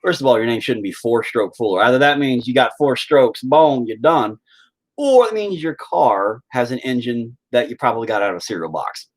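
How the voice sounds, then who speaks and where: A young man chats casually on a live stream, crude and joking as he rambles to his viewers. His pitch swoops widely and now and then jumps into loud, high exclamations. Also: animated, moderate pace. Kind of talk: casual chat.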